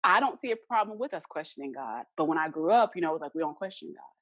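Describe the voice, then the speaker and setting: A woman's voice: low-pitched, lively intonation, fast, a bit bright, no room sound. A young adult woman, a podcast guest, earnestly telling a personal story and acting out the remembered dialogue.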